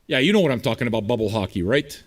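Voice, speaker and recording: Hosting a livestreamed music show as a streaming radio DJ, this man fires back at viewer chat in a blunt, profane, combative way. His mid-range voice has lively intonation and he talks very fast.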